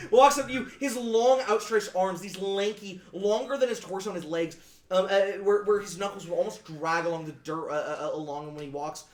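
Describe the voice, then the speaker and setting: A man narrating as game master in a tabletop game, halting with many fillers and restarts. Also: high voice, slight background noise. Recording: echoey room, distant mic.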